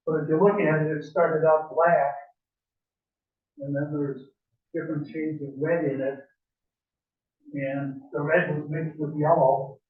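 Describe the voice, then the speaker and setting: A man's voice: fairly high pitch, level tone, slow, long pauses. An older man giving an informal demonstration to a woodworking club, rambling with many fillers and chuckles. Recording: echoey room, far from mic, phone-like.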